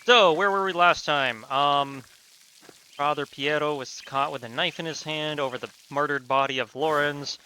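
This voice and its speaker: A man streaming a video game, recapping and chatting in a casual, animated way. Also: a little high, normal speed, a little hiss or hum. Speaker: gaming streamer. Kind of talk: casual let's-play commentary.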